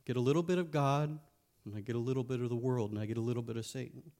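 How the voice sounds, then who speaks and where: A man's voice: mid-range voice, rapid-fire, a little mellow, natural voice. A man voicing a man in a story who thinks he can sit on the fence. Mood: pleading. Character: boastful man sitting on the fence.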